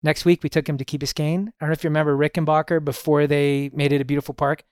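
Middle-aged male guest, relaxed storyteller, fairly high voice, dry sound. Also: quick pace, clear, resonant tone, no room sound. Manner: relaxed storyteller, sprinkles in "you know". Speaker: podcast guest. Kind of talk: casual storytelling conversation.

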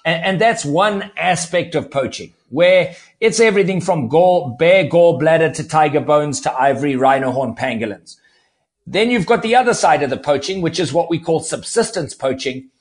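Male guest, slightly raised pitch, measured explainer who restarts phrases. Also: animated. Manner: explanatory, repeats words when starting sentences. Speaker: conservationist guest. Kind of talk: podcast interview.

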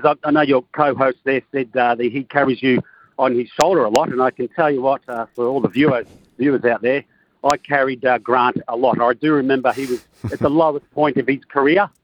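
A man's voice: mid-range voice, steady tone, fairly quick, dull audio. A man with an Australian accent, calling in to a radio show, who tells a long teasing story about an old friend. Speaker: caller. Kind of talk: casual phone-in banter. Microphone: phone call.

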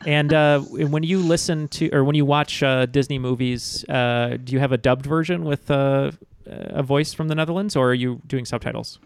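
Relaxed man hosting, lots of uhs. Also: mid-range voice, normal speed, gravelly, few pauses, clear, resonant tone. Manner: relaxed, filler-heavy with many uhs. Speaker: trivia podcast host. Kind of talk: casual podcast chat.

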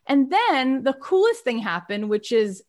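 A woman with a fairly high voice tells a motivational story on her podcast. She talks with energy and acts out old phone calls as she goes. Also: very animated, unhurried. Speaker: podcast host.

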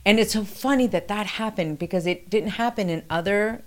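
A woman recounting a past experience in conversational storytelling, acting out quoted dialogue with animated pitch jumps. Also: fairly quick. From New York City.

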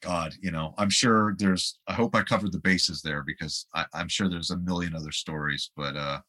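A man's voice: sits low, fairly even intonation, moderate pace, sharp tone. A man, a guest musician, telling rambling anecdotes in a casual interview and laughing along the way.

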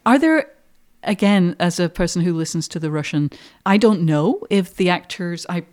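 An interviewer who asks curious, long, rambling questions in a relaxed conversation. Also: medium pitch, moderate pace.

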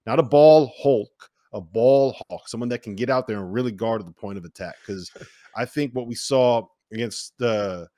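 A man's voice: lowish voice, normal speed, darkish tone, dry recording, studio quality. A man hosting a casual sports podcast, laughing often as he steers the conversation. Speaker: podcast host.

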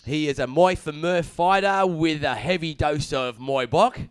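An Australian man hosts a podcast chat with a slightly raised pitch. He jokes and teases his guest. The sound is close and dry. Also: a little slow, smooth, no echo. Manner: jokey, teasing banter. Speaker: podcast host.

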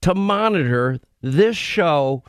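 Male radio host, emphatic and repetitive, slightly high-pitched, dry close mic. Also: expressive, slow, clean tone, no room sound. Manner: emphatic, rambling, repeats phrases. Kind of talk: opinionated radio monologue. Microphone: studio microphone.

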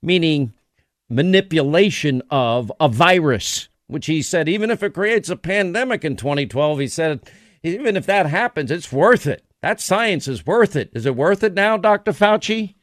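A man's voice: on the high side, animated, normal speed, dry recording, clean studio sound. A man hosting a political commentary monologue, combative and sarcastic, firing off rhetorical questions. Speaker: talk show host.

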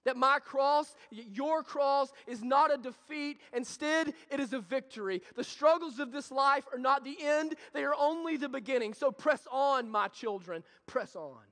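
High-voiced man preaching in a reverberant hall. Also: normal speed, few pauses. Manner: impassioned preaching with repetition, drops to soft intimate tones. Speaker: pastor. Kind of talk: sermon.

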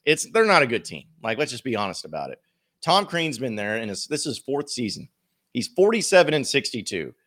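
A man's voice: medium pitch, a bit bright. A man hosting a sports podcast, giving casual commentary in a blunt, emphatic way full of rhetorical questions.

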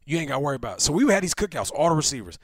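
A man in his thirties, a former football player, co-hosting a casual chat and telling stories with lively, acted-out quotes. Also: racing, no room sound, clean studio sound. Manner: animated storyteller, acts out quotes with big pitch swings. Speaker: podcast co-host, former NFL receiver.

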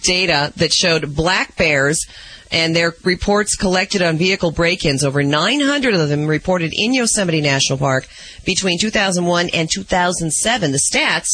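A man delivering animal news in a chatty, amused manner. His voice is very bright and forward. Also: high-pitched, expressive, normal speed, no echo, poor audio. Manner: chatty, amused, light-hearted. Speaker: news reporter. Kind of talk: radio news segment.

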